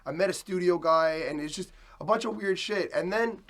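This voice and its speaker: A man cohosting a casual podcast, with a voice a bit higher than most men. He tells rambling stories in a loose, easygoing way. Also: moderate pace, fairly bright tone.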